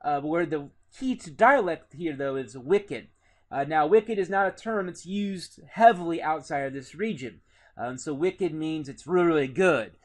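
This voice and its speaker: Man lecturing, higher-pitched voice. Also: moderate pace. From Indiana. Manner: relaxed, lots of "uh" fillers, conversational. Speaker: teacher. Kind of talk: recorded classroom lecture.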